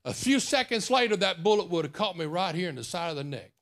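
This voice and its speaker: A man's voice: high voice, expressive, quick pace, a bit bright. A man preaching a sermon, telling a personal story in a folksy, intimate way. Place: church.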